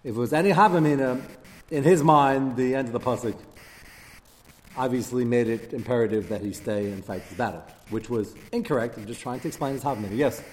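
A man giving a Torah class lecture, taking questions and acting out the quotes he reads with quick asides. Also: medium pitch. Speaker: rabbi teaching a class. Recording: reverberant hall with faint background noise.

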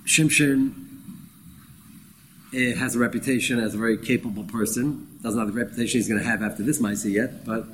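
A man's voice: mid-range voice, a little hiss or hum, poor audio. Teacher, male, informal study-group lecture, dry humor, middle register. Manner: conversational and wry, acts out quoted speakers. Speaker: Torah class teacher. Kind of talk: informal Bible class lecture.

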